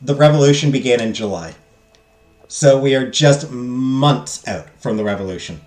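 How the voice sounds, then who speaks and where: A man reads a text game's narration aloud, breaking off for jokey, self-deprecating asides to his viewers. His pitch swings in a lively, animated way. The room sounds echoey, with faint music playing behind. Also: normal speed. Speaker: streamer playing a text game. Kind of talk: let's play, reading game text and chatting with viewers. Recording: roomy echo, faint game music.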